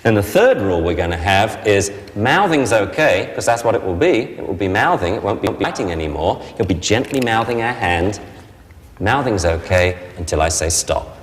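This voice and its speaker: A man with a low voice leads a puppy class, his pitch swinging widely as he talks. His delivery is playful and animated. A long hall-like reverb trails behind his words. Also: moderate pace. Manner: lively, playful, acts out dog voices. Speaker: dog trainer. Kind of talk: puppy training lesson.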